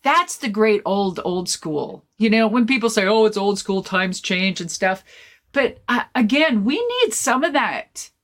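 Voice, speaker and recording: Animated, profane woman storyteller. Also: mid-range voice, measured pace. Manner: animated, profane, rambling with fillers. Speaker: guest podcast host. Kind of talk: casual storytelling chat.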